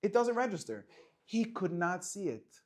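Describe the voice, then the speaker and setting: A man teaching a lively Torah class to students, firing rhetorical questions and dropping to quiet explanation. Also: high voice, moderate pace. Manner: animated, swings between loud questions and quiet explaining, chats with students.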